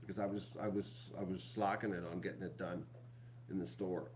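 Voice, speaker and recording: A middle-aged vlog host chats casually with viewers at home, calling them folks and rambling and repeating himself. His voice sits low and level, fairly quick and a little mellow. There is a slight hiss or hum on the recording.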